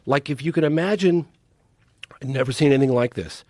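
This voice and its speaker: A man's voice: mid-range voice, fairly quick, darkish tone, dry recording, clean studio sound. A man telling a long story as a guest on a casual podcast. He talks emphatically and animatedly, with many restarts. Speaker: podcast guest, documentary filmmaker.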